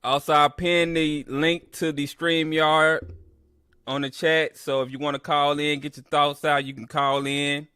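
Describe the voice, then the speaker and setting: A fairly high-voiced man hosts a live fan stream, boasting, trash-talking and venting his complaints. He talks straight to his chat. The sound is dry and close. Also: little pitch movement, unhurried, sharp tone, smooth, dry recording. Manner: boastful trash talk, then ranting complaints. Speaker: host of a live sports listen-along stream. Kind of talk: casual live fan commentary.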